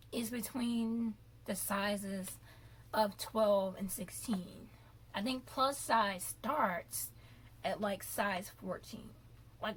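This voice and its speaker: A young adult woman vlogger giving opinionated commentary in an animated, ranting way, stretching words out for emphasis. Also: medium pitch.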